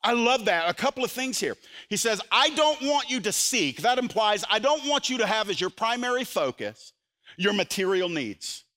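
An older man preaching a sermon as a pastor, animated, voicing quotes with sudden loud jumps. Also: sits high, moderate pace.

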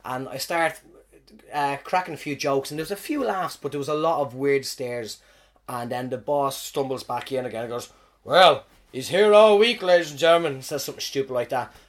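An Irish comedian hosting his podcast, telling stories about his gigs in an animated, swearing, self-mocking way. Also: medium pitch, fairly quick. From Ireland. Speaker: stand-up comedian, podcast host. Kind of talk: casual storytelling monologue.

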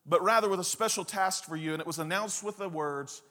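A man preaching a sermon, telling a personal story with lively, acted-out scenes and asides to the congregation. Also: sits high, a little fast. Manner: animated storyteller, acts out scenes and quotes. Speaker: pastor.

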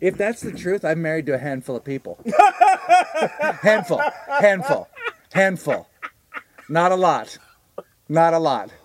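A man co-hosting a comedy podcast who reacts with loud, profane exclamations and keeps saying "dude.". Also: on the high side, wildly swooping pitch, measured pace, long pauses. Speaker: podcast co-host. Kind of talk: casual comedic banter.

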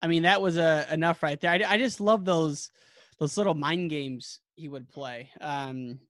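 A man's voice: fairly high pitch, moderate pace, a bit bright, dry recording. Dry-sounding man hosting an interview. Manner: conversational, prompting questions with easy laughs. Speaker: host, interviewer. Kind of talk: casual interview.

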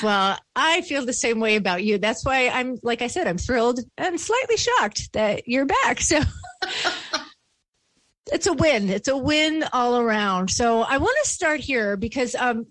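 A woman's voice: on the high side, a bit bright, no room sound. Upbeat woman with a Western New York accent. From Buffalo, New York. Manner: chatty and upbeat, running playful games. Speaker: podcast host. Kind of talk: casual conversational interview.

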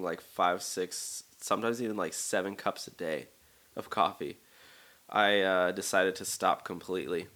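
A man's voice: deep voice, sharp tone. A young man in his twenties hosting a casual solo podcast, rambling and self-deprecating with lots of fillers. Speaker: podcast host.

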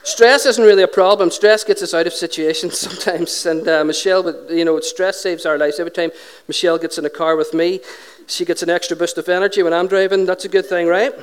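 Male pastor, smooth resonant tone, animated sermon storyteller who voices each character. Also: high-pitched, quick pace, few pauses. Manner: lively anecdotal storytelling, acting out dialogue.

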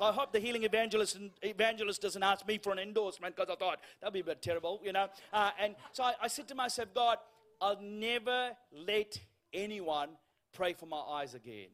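A man with a high voice preaches in a church, spinning a comic story. He acts out the lines of the people he meets, and the quoted voices drop to a hush. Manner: storytelling with humour, acting out dialogue, dropping to a hush for quoted lines. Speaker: guest preacher. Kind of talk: sermon.

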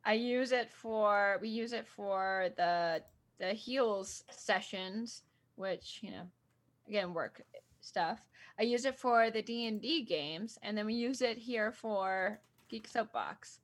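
A woman co-hosting a podcast in casual chat, animated and chatty, laughing often. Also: medium pitch, slow pace. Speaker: podcast co-host.

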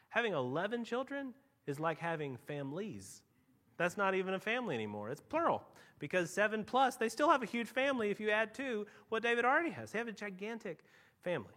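Animated, high-voiced male preacher. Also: fast talker. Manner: animated storytelling, swinging from quiet asides to loud emphatic peaks. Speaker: pastor. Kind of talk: sermon. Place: church.

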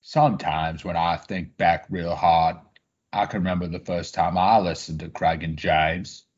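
A slow, earnest, simple-hearted man drawls wistfully in a deep, husky voice, as a man puts him on. The recording sounds dull and lo-fi. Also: fairly even intonation. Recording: slightly muffled lo-fi audio.

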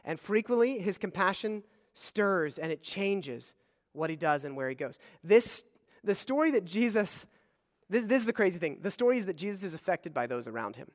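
A man preaching a sermon, swinging between loud, emphatic scripture reading and quiet, low asides. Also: sing-song, normal speed. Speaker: pastor. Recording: long hall reverb.

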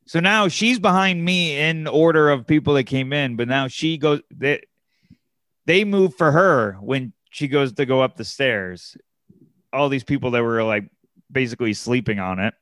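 A man's voice: medium pitch, moderate pace, fairly bright tone, no room sound, clean studio sound. A man casually telling a long anecdote, with many fillers and restarts. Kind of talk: casual chat, storytelling.

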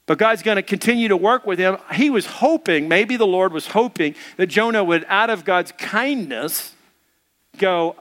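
Animated high-voiced male pastor. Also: moderate pace. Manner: animated, acts out voices of the people in the story. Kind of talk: sermon.

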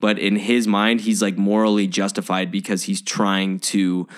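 A man's voice: lowish voice, little pitch movement, normal speed, clear, resonant tone. A man co-hosting a casual movie chat, rambling with many restarts as he talks through his points. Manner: rambling, full of fillers and restarts. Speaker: podcast co-host.

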